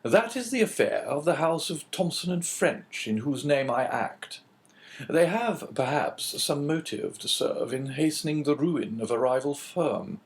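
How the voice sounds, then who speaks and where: A man voicing a calm, phlegmatic English businessman in an audiobook, cool and measured. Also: on the high side.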